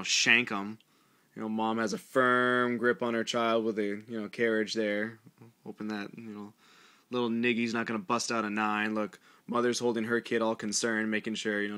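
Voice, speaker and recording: A man's voice: on the low side, sharp tone, smooth. A man giving crude, sarcastic commentary while reading a children's book aloud. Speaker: vlogger. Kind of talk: mocking read-aloud commentary.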